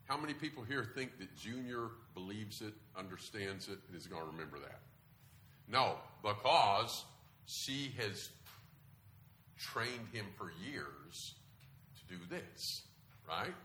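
A man preaches in a relaxed, talky way, putting questions to the people in front of him. His voice is low but bright and clear, and it swings widely in pitch. A faint hiss sits under the recording. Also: takes it slowly. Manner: conversational, asks the audience questions. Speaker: pastor. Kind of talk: sermon.

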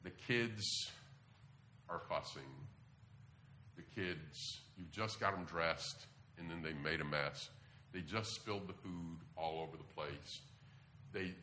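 A man preaching a sermon to a congregation in a lively, animated way, often jumping up in pitch to press a point. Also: a little hiss or hum. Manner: lively, animated delivery with sudden jumps in pitch.

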